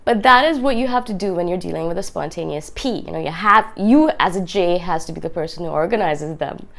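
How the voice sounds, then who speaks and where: Raspy-voiced woman with a cold. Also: on the low side, brisk, a bit bright. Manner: chatty, keeps asking "right?". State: hoarse with a cold. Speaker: video host. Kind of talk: casual talk to camera.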